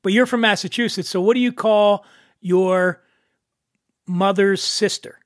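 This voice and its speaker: A Philadelphia man with a local accent hosts a casual whiskey-tasting podcast chat, joking around and restarting often. His voice sits high and steady, unhurried, recorded in studio quality with no room sound.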